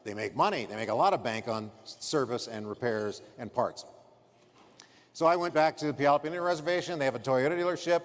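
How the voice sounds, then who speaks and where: Speaking in a large hall, a keynote speaker with a slightly high voice gives a punchy, emphatic motivational talk from the conference stage. He acts out scenes with customers as he goes.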